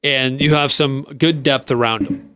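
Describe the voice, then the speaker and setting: Measured male sports radio co-host. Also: mid-range voice, steady tone, pushed and bright, smooth, dry recording. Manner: measured, plugs the station's schedule. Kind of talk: casual sports talk.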